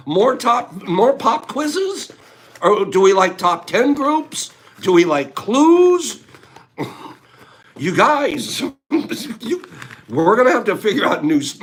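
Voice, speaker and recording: A man's voice: sits high, a bit bright. A man hosting a casual livestream, joking with viewers, laughing often and greeting the chat by name. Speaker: livestream host.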